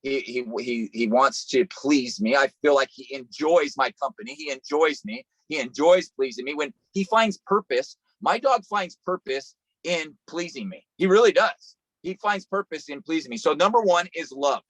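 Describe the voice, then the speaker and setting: A man's voice: fairly high pitch, animated, normal speed, few pauses, a bit bright, dry recording, low-quality recording. A man preaching a sermon over a video call, telling a story in an earnest way and often repeating and restarting phrases. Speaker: pastor.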